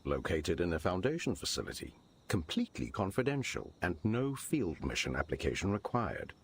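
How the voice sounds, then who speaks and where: A composed older gentleman speaks in a deep British accent, slow and measured, as a man puts him on. His voice is low and a little husky. He asks pointed questions calmly in a game's story scene. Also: exaggerated voice.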